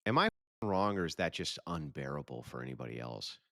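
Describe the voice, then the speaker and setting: Blunt male host, extremely low and gravelly, casual reaction commentary. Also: sing-song, fairly quick, sharp tone, dry recording, clean studio sound. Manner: blunt and opinionated, with frequent restarts and mild profanity.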